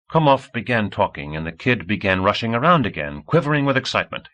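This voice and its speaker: Man reading a novel aloud, lowish voice but sharp and bright, steady pace. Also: fast, few pauses, rough recording. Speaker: audiobook narrator. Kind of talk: scripted narration.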